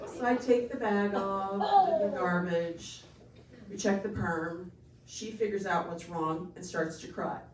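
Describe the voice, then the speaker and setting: A woman doing a stand-up comedy set, telling an animated story and acting out the other people's lines. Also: medium pitch, unhurried. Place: comedy venue stage. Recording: echoey room from far off, noisy.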